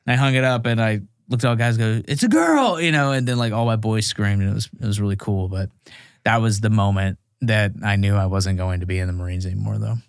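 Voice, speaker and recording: Man, Marine veteran guest, lively storyteller, acts out quotes, dry close sound. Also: lowish voice, quick pace, smooth, no room sound. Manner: animated storyteller acting out quotes. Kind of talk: storytelling in a casual interview.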